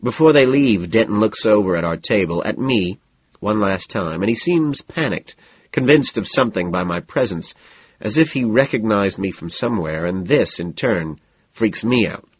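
A man narrating a novel in the first person in a cool, measured, understated way. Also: on the low side, lively intonation, breathy edge, no echo, lo-fi sound. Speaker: audiobook narrator.

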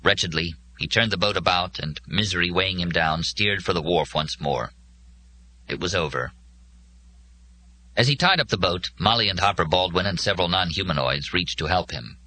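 A man with a very deep voice reads scripted narration for an audiobook, measured and solemn. His tone carries a bright, forceful edge over his low pitch. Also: animated, slight background noise.

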